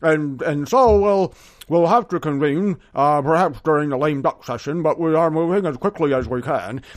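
A man putting on the voice of a pompous older male senator stalling with excuses, low and halting. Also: natural voice. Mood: mock-solemn.

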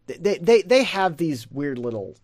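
A man giving a casual pronunciation lesson, rambling and sounding out words slowly. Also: on the high side, very animated, a little mellow, no echo. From United States. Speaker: pronunciation teacher.

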